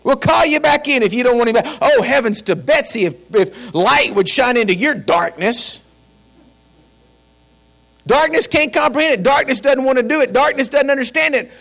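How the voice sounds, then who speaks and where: A man's voice: very high voice, creaky, fairly bright tone. A man preaching a sermon as pastor, fiery and folksy, with joking asides. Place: church.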